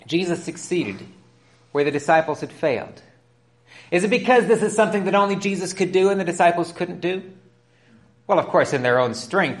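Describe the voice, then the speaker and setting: A man preaching a sermon, retelling scripture as a story and acting out its dialogue. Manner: storytelling, acts out dialogue with rising pitch.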